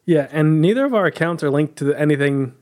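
Dude cohosting a podcast, cracks quick dry jokes, voice a bit on the high side. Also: male voice, expressive, a little mellow. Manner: wry, teasing, quick jokes. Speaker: podcast co-host. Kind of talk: casual podcast chat.

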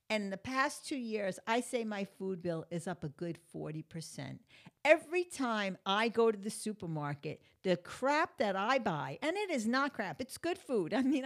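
A woman hosting her own talk show, chatting casually and ranting bluntly, swearing freely as her exasperation builds. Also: a little high. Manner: conversational, chatty with fillers. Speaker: podcast host. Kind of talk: casual monologue rant.

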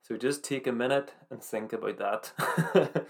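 A man giving an earnest, informal devotional talk, reading scripture aloud with halting restarts and slow emphatic phrases. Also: mid-range voice. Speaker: preacher.

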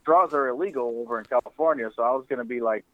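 A man's voice: mid-range voice, fast talker, phone-quality sound. A man co-hosting a podcast in casual chat, ranting with lots of swearing and filler words. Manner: animated, ranting, swears a lot. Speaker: podcast co-host.

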